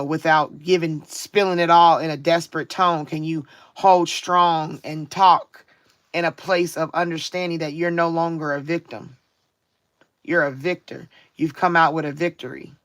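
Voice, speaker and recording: A woman on a live stream giving a spiritual card reading, her voice bright and forward. She talks reflectively, stretching out the words she wants to stress and often checking in with her listeners. The sound is close and dry, with no room around it. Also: low voice, fairly even intonation, no room sound. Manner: reflective, drawn-out emphasis, frequent "you know what I'm saying". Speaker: tarot card reader.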